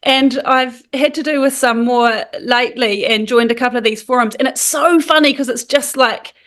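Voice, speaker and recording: Chatty New woman, high voice. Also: normal speed. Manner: chatty, animated, many fillers. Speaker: guest, founder of a support group. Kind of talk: casual podcast conversation.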